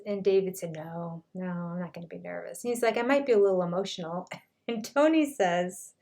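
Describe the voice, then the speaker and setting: An older woman talking through a reality show recap in a relaxed, chatty voice. She keeps slipping into quoted lines as she retells each scene. Her pitch sits in an ordinary middle range. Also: a little fast. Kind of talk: casual commentary.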